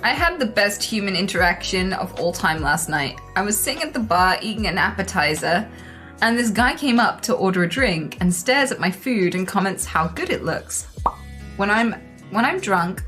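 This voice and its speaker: A woman's voice: mid-range voice, lively intonation, normal speed, a bit bright, faint music behind. A woman streamer reading memes aloud and reacting, laughing often and swearing freely.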